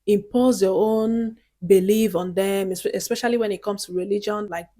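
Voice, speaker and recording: A woman's voice: mid-range voice, steady tone, moderate pace, warm tone. A woman from Nigeria gives casual vlog advice in a chatty, earnest way, often checking in with her viewers. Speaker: vlogger.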